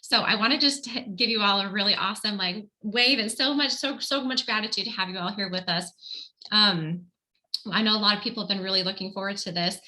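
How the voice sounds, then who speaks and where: A woman's voice: medium pitch, a little fast, pushed and bright, rough recording. A woman hosting an online panel over a video call, chatty and enthusiastic, often restarting and correcting herself. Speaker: host.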